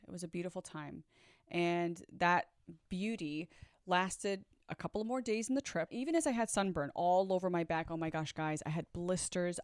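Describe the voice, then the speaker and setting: A woman with a fairly low voice tells a personal story in a casual, candid way, chatting straight to her viewers and swearing now and then. The sound is dry and close, with no room around it. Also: smooth, dry recording.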